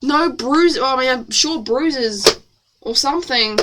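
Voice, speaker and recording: A woman's voice: high voice, a little slow, noisy background. A woman reading her own novel aloud as a streamer, with playful, self-mocking asides.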